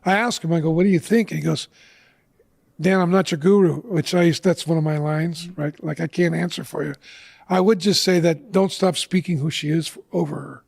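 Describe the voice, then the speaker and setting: Gravelly man telling a story. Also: fairly high pitch, steady tone, a little fast. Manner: earnest storyteller, acting out quotes. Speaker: guest. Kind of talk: personal storytelling in a podcast interview.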